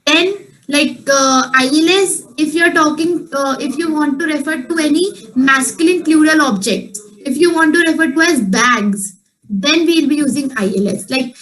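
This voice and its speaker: A woman teaches a beginner French lesson in a high voice. She is patient and repeats each point slowly so it sinks in. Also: a bit bright, poor audio. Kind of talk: online class instruction.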